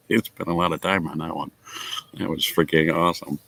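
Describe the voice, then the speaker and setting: A man's voice: low-pitched, steady tone, moderate pace, vocal fry, fairly bright tone. A man chatting casually with viewers of his stream, laughing often and swearing casually. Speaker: livestream host chatting with viewers. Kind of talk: casual chat.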